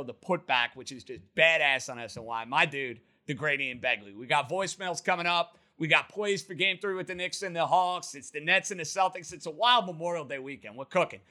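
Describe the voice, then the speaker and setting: An energetic man hosts a casual sports talk show. His voice is bright and forceful and sits a little high. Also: brisk, few pauses. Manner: energetic, animated. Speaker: podcast host.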